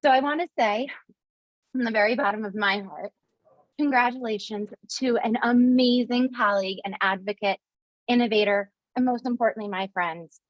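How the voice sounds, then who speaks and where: A woman hosting a webinar on a video call, giving a heartfelt farewell speech with halting fillers. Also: a little high, dry recording, dull audio. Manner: warm and emotional, halting with fillers. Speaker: webinar host.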